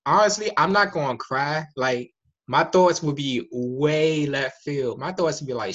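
A man's voice: a little high, measured pace, fairly bright tone, muffled recording. A man in casual chat, speaking candidly in a rambling, slangy way.

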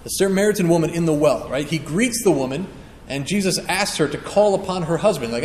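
A man's voice: fairly high pitch, animated, fairly quick, darkish tone, slight background noise. A man preaching a sermon, earnest and emphatic, acting out quotes as he teaches. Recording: echoey hall with long reverb.

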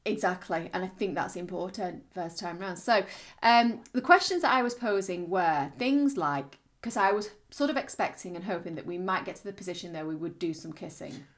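A woman's voice: lowish voice, animated. A middle-aged woman co-hosting a podcast, talking frankly and casually with her husband. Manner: frank, chatty, quick to laugh. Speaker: podcast co-host. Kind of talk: candid casual chat.

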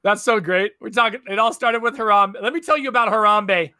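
Guy hosting a gaming podcast, high bright voice, jokey. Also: brisk, smooth, no room sound, clean studio sound. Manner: joking, loud bits of mock yelling. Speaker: podcast host. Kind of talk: casual gaming podcast chat.

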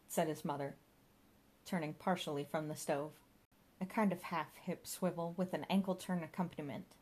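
A woman's voice: sits low, fairly even intonation, moderate pace, a little mellow, husky. A woman narrating a comic audiobook in a dry storytelling manner.

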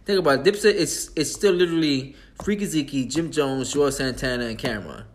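A man hosting a casual hip-hop talk podcast, loose and profane, often laughing and speaking in quick bursts. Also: mid-range voice. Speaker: podcast host.

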